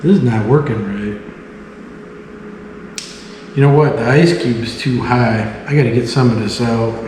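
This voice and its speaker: A man's voice: medium pitch, measured pace. Chatty man in a very echoey room. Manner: chatty, jokey, talks to himself while working. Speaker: home cocktail vlogger. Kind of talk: casual talk while demonstrating. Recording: echoey room audio with long reverb and faint hiss.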